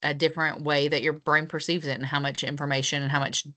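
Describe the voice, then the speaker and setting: A woman's voice: low voice, flat delivery, quick pace, sharp tone. A woman teaching physical therapy students in a casual lecture, with lots of fillers as she explains.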